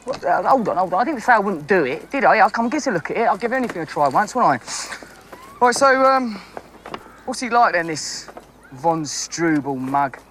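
An actor playing a cocky, boastful young con man with cheeky, quick patter. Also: high voice, big pitch swings, a bit bright, a little hiss or hum. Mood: blustering. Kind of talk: film acting.

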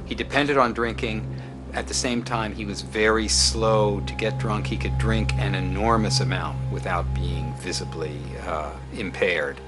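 Interviewee, man, deep voice, thoughtful and hesitant. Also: fairly even intonation, measured pace, loud music behind the voice. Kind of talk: interview commentary.

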